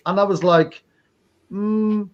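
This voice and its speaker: A middle-aged man from Wales with a Welsh accent, a podcast host chatting casually and telling lively stories. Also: fairly high pitch, quick pace, dull audio. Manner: animated storyteller, acts out quoted people. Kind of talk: casual chat.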